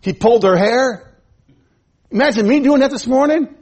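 A middle-aged male pastor preaching a sermon in church, stammering and repeating words, with sudden swings between loud, excited passages and quiet asides. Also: very high voice, moderate pace, slightly rough.

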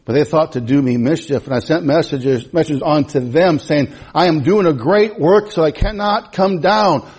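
A male pastor in a church delivers his sermon in a raised, husky voice that sits high for a man. He repeats words and stumbles when he gets excited, then suddenly drops into low, quiet asides before climbing back up. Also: moderate pace.

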